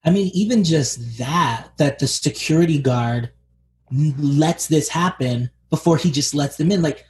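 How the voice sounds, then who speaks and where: A man's voice: on the high side, measured pace, a little mellow, a little hiss or hum. A man co-hosting a podcast, chatting casually about a TV series, peppering his talk with fillers. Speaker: podcast co-host.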